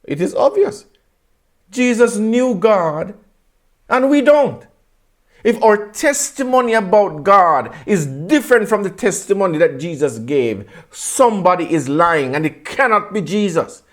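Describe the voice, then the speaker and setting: A man's voice: high voice, animated, unhurried. A man preaching a sermon with passion, asking his listeners pointed rhetorical questions and repeating phrases for emphasis.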